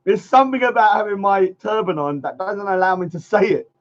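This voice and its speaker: A man's voice: high voice, expressive, fairly quick. A man hosting a casual livestream chat, rambling, laughing often and trailing off mid-sentence. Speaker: livestream host. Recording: dull lo-fi stream audio.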